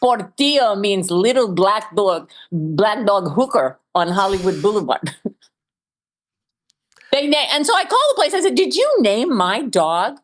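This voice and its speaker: A woman's voice: medium pitch, very animated, a little slow. A middle-aged woman, a stand-up comedian as guest, telling funny stories and laughing often. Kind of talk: casual comedic interview chat.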